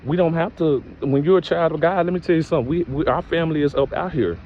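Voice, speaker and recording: A man's voice: fast talker, muffled recording, a little hiss or hum. Preachy young man venting to camera. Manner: preachy, repetitive catchphrases, rising to high exclamations. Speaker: vlogger. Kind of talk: casual direct-to-camera rant.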